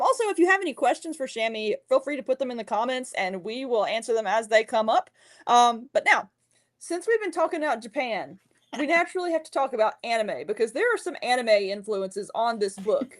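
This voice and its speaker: A woman hosting a podcast interview, chatting casually and announcing a giveaway. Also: on the high side. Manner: friendly, chatty, gives frequent short backchannel replies. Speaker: podcast host.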